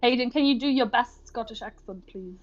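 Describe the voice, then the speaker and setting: A woman's voice: on the high side, brisk, highs cut off, noisy background. A woman from Germany, chatting and teasing as a player in a tabletop game. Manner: giggly and teasing. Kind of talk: casual chat on a game stream.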